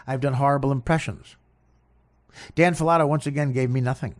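A man's voice: medium pitch, steady tone, brisk. A man on a comedy podcast, ranting in a self-mocking, exasperated way.

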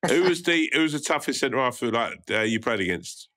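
Interviewer: man with a bright, crisp voice, casual and quick to laugh. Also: medium pitch, sing-song, a little hiss or hum. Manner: asks loose questions, laughs a lot. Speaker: podcast co-host.

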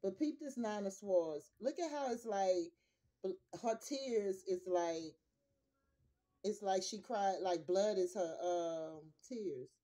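A woman's voice: medium pitch, takes it slowly, dark tone. An older woman gives a casual tarot reading to her viewers. She is blunt and profane, repeating her points for emphasis. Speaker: tarot reader.

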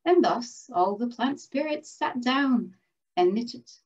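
A middle-aged woman from Quebec narrates a rhyming story at a live event. She speaks very slowly and gently in a fairly high voice, and the recording is dull and lo-fi. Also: animated. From Quebec, Canada. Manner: slow, gentle, with fillers. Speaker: storyteller and scientist.

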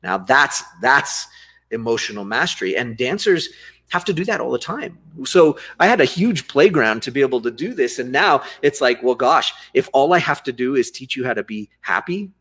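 A man speaking as a guest on an interview, explaining his coaching approach. He talks in an animated, expressive way, often laughing and acting out inner dialogue. His voice sits in an ordinary middle range for a man. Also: medium pitch, normal speed, breathy edge. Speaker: guest, dance and life coach. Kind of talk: conversational interview.

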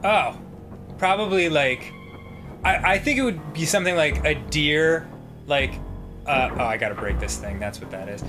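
A man's voice: a little high, animated, normal speed, over music. A man co-hosting a video game let's play, telling rambling stories and slipping into silly voices. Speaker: host.

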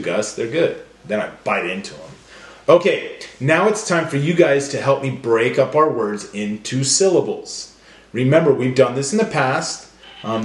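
A man teaching a phonics lesson to young children, stretching each word slowly and cheering them on. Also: mid-range voice, reverberant. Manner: slow, stretched word-by-word drills; encouraging.

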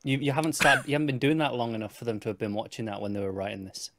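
A man's voice: mid-range voice, steady tone, racing, a bit bright. A man co-hosting a casual podcast review, wry and dry, often stammering at the start of a thought. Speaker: podcast co-host.

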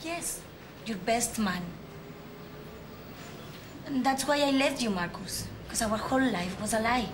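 A woman's voice: on the high side, lively intonation, measured pace, long pauses. An actress playing a hurt young woman who speaks coldly and accusingly. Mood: bitter. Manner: cold, accusing. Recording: noisy TV drama sound.

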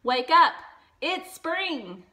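An upbeat male frog from a storybook, calling out with raised, eager energy, as a woman teacher puts him on. The voice sits high and bright. It moves slowly and clearly, as if for young listeners. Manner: excited, calling out loudly.

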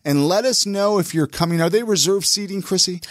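A man hosting a podcast, talking in an upbeat, casual way with quick intros and filler restarts. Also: sits high, dry recording, studio quality. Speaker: podcast host.

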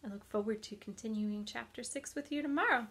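A woman reads a children's book aloud with expressive, friendly storytelling. Her voice sits fairly high, and she talks gently to young listeners as a teacher. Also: fairly quick.

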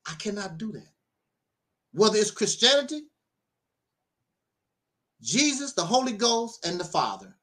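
High, lively man ranting with laughs. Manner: emphatic, laughing, repeats himself. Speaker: self-styled minister. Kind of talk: livestream monologue.

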